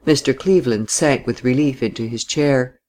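A man narrating a novel in a steady, even reading voice. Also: mid-range voice, normal speed, slight background noise. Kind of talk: audiobook reading.

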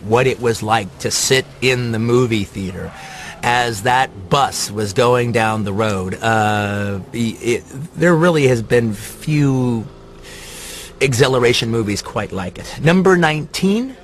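A man's voice: medium pitch, a little hiss or hum. A man giving rambling, enthusiastic commentary on his favorite films, with many fillers. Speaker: film reviewer. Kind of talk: casual movie-list commentary.

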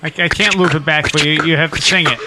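A man's voice: on the high side, fairly even intonation, fast talker, heavy background noise. A man hosting a comedy radio show who stammers and plays along. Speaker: radio host.

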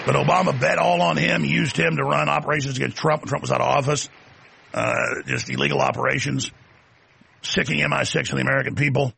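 A man's voice: mid-range voice, expressive, brisk, creaky, sharp tone, husky. A male host delivering a combative, scornful political commentary monologue.

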